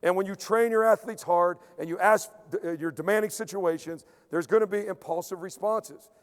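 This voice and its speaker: A man, a strength coach, giving an emphatic conference lecture, repeating key points and dropping into quiet acted-out asides. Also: sits high, moderate pace, smooth. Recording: long hall reverb.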